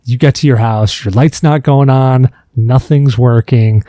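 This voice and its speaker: A man hosting a casual podcast chat, telling jokey stories in an animated way. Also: medium pitch, unhurried, no room sound, clean studio sound. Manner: animated, joking storyteller. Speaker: podcast host.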